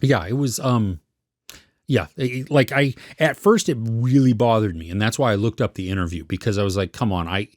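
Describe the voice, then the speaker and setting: With a lowish voice at a moderate pace, this man co-hosts a podcast and casually reviews a series he watched, hunting for words mid-thought. The studio-quality recording has no echo.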